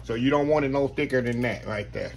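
A man's voice: medium pitch, quick pace, a little hiss or hum. A man hosting a casual cooking demonstration, folksy and talking straight to his viewers. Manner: folksy, talks straight to viewers, says y'all constantly. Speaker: cooking show host.

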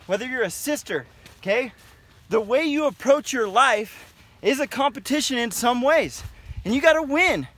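High, bright-voiced man giving a pep talk. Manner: emphatic, repetitive, tags lines with "okay?". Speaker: wrestling coach. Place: outdoors on a run in the mountains.

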